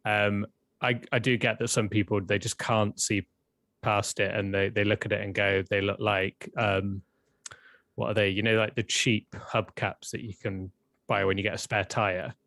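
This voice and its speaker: A relaxed British man co-hosting a livestream, thinking aloud in a hesitant way. His voice sits fairly low and is recorded dry and close, with no room sound. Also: moderate pace, vocal fry, dry recording. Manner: relaxed, hesitant, lots of ums and sort ofs. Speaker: co-host. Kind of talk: casual livestream chat.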